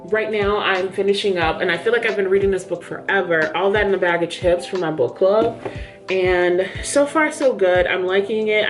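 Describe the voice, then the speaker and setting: A woman book vlogger chatting candidly to camera in a small room under studio lights, a little out of breath. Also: medium pitch. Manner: chatty, candid, says "yo" and "y'all". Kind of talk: casual chat to camera.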